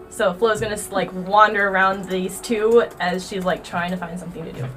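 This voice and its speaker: A woman player describing her character in a lively, chatty way. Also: medium pitch, moderate pace. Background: faint music.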